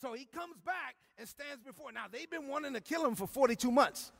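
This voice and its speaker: A man preaching a sermon as pastor, telling a story with animated energy and frequent shouting. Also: very high voice, brisk, creaky, big-room sound.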